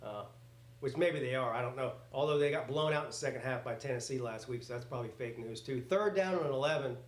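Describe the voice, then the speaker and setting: A man hosting a casual live reaction stream, calling plays as they happen in a rambling, excitable way that slips into swearing. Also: mid-range voice, quick pace. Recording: roomy echoey home setup.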